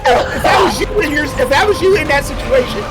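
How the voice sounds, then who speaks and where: Teasing, very high-voiced man. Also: expressive, brisk, loud music behind the voice. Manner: teasing, playful. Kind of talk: casual gaming podcast chat. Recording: loud crowd noise behind.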